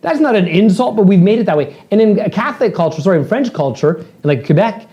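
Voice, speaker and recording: A man co-hosting a casual podcast, telling profane stories in an animated way and laughing often. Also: sits high, fast, highs cut off. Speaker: podcast co-host. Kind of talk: casual chat.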